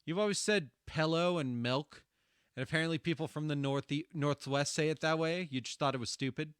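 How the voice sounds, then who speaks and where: A man's voice: a little high, a little fast, fairly bright tone, clean tone, dry recording, studio quality. A man with a Midwestern accent streaming while gaming, chatting casually, swearing freely and laughing often.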